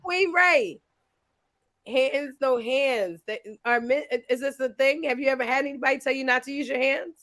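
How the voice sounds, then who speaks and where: High-voiced playful woman host. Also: moderate pace, a bit bright, no room sound. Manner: playful, teasing, laughs often. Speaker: podcast host. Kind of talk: casual chat.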